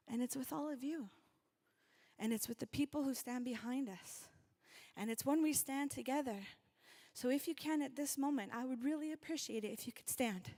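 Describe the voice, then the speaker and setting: Animated woman speaking at a rally. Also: on the high side, fairly quick. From North Dakota. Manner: animated, calls out to the crowd, leads the audience through a reflection. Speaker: event speaker. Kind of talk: rally speech.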